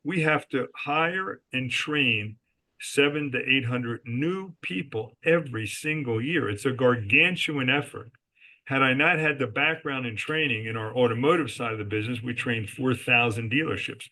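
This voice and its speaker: In a mid-range, pushed and bright voice at normal speed, a man appears as a guest in a podcast interview. The resort company executive emphatically relates business stories and answers his own rhetorical questions.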